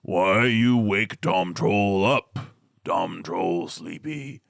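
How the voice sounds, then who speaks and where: A huge, dim-witted troll boss, as a man puts him on for a tabletop game. He talks slowly in short, broken phrases and barks orders. The sound is dry and close. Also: low-pitched, vocal fry, no room sound, heavily acted. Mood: sleepy grumble. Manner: broken simple speech, slow and bossy.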